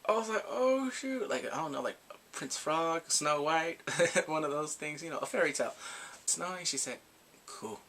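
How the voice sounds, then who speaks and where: A man casually recapping a drama for his vlog, animated and acting out the characters' reactions with gasps and laughs. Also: a little high, moderate pace, slight background noise. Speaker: K-drama reviewer.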